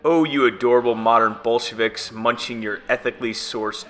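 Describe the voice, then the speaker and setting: A man's voice: medium pitch, fairly even intonation, fairly quick, a bit bright. A man narrating a scripted history video with sarcastic, jokey asides. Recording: voice-over with faint music.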